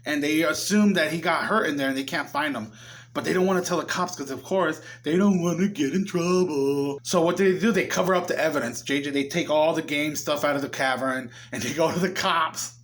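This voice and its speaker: A man's voice: a little high, a little fast, a bit bright. A young man casually recapping a movie in a chatty way, often acting out what the characters say. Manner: chatty, acts out the characters' lines. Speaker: movie reviewer.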